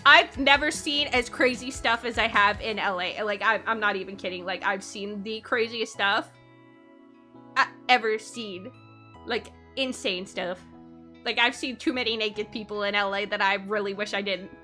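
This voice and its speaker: A woman's voice: medium pitch, moderate pace, sharp tone, faint music behind. A young woman streaming live, chatting casually with her chat and giggling often between sentences.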